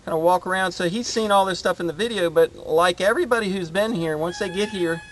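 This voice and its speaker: A man's voice: high voice, a little hiss or hum. A man hosting his homestead channel, chatting casually outdoors in his garden and rambling with lots of fillers. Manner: rambling, halting with many fillers.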